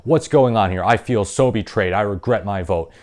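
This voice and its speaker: A man's voice: on the low side, moderate pace, lightly acted. A man voicing an indignant political supporter who feels betrayed, in a whiny, exasperated tone.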